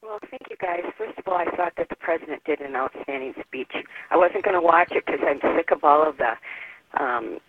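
A man's voice: fairly high pitch, brisk. A man calling in to a talk radio show, earnest and appreciative. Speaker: radio caller. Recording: tinny phone line.

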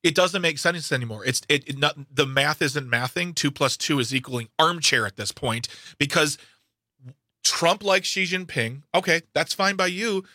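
A man co-hosting a radio talk show, animated and sarcastic, often stumbling and restarting his sentences. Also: fairly high pitch, moderate pace, dry recording, studio quality. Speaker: radio co-host.

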